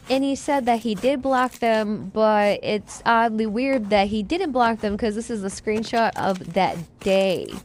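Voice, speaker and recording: Blunt, fairly high-voiced woman vlogging. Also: a little mellow, a little hiss or hum. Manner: blunt, blow-by-blow storytelling. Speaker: streamer telling her side of a dispute. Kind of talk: casual vlog monologue.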